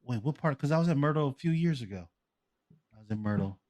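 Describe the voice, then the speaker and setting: A man co-hosting a podcast, telling stories in a loud, profane, animated way. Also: mid-range voice, fast. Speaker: podcast co-host. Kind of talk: casual podcast chat.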